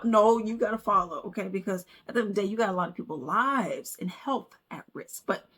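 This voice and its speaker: A woman's voice: medium pitch, expressive, a little fast, hardly any pauses, a bit bright, breathy edge. A woman vlogger in casual commentary, telling stories with lots of asides and frequent "okay?" tags.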